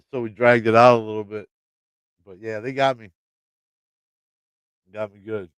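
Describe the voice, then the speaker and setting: A man's voice: medium pitch, fairly even intonation, a little slow, a bit bright, smooth, no room sound. A man with a Midwestern American accent hosting a livestream, telling a story in a rambling, casual way, swearing often and laughing. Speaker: channel host talking to live chat.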